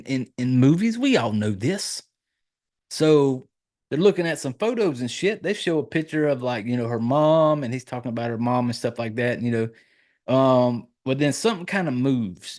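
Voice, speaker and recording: Rambling, foul-mouthed man recapping a film. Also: medium pitch. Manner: rambling, swears freely, heavy fillers. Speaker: podcast host reviewing a horror film. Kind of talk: casual profane movie recap.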